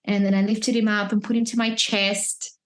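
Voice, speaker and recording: A woman's voice: medium pitch, level tone, moderate pace. A woman, a podcast guest telling her story in a chatty, reflective way, full of restarts. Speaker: podcast guest, mother of three. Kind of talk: casual birth-story telling. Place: at home, holding a baby. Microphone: wearing headphones, remote podcast recording.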